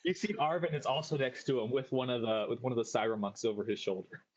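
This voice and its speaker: A man's voice: mid-range voice, fairly even intonation, quick pace, lo-fi sound. A man running a tabletop game as game master, checking rolls and describing the scene.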